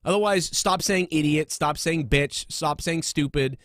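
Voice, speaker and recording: In clean studio sound with no echo, a man with a fairly high, slightly bright voice hosts a comedy podcast. He rants casually at an unhurried pace, rambling and profane, full of fillers, restarts and swearing.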